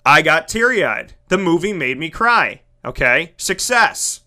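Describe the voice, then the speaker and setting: Bright high-voiced excitable man. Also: unhurried. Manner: animated, emphatic, dramatic voice swings. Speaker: broadcaster and entertainment show host. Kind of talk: excited casual monologue.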